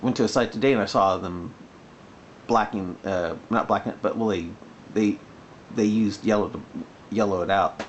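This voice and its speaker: A man's voice: on the low side, normal speed, pauses often, highs cut off, a little hiss or hum. A man talking in a sarcastic, rambling way in a casual commentary vlog. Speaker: video blogger.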